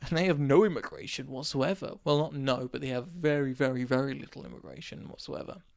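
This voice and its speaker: Hoarse, gravelly young English man. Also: medium pitch, fairly quick, no echo, studio quality. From England. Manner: rambling, animated anecdote with acted quotes. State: losing his voice, hoarse. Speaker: podcast host. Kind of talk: casual solo podcast storytelling.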